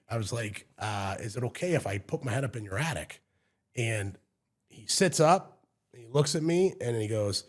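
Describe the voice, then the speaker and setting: A man, a home inspector and podcast guest, telling stories in a casual, animated way and acting out the people he quotes. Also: on the low side, normal speed. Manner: animated, acts out quoted voices loudly. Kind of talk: casual storytelling.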